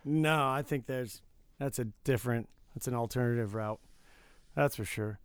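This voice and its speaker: A man's voice: mid-range voice, moderate pace, smooth, no room sound. A middle-aged man from Detroit co-hosting a casual podcast, earnest and reflective, often hedging his points. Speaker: podcast co-host. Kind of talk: casual chat.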